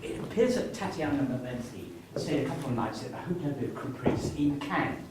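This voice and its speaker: An actor playing a roguish old actor who stammers when caught out. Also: male voice, medium pitch, lively intonation, fairly quick, natural voice. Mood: scheming. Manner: flustered, stammering. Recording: far roomy echo, noisy.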